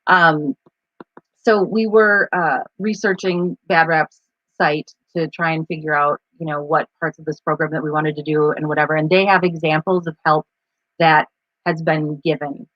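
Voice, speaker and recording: A woman's voice: low voice, fairly even intonation, moderate pace, dry recording. Woman, casual live-stream chat, rambling storyteller, dry close sound, a bit muffled. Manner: rambling, chatty storyteller with many fillers. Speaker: co-host of a live advocacy stream.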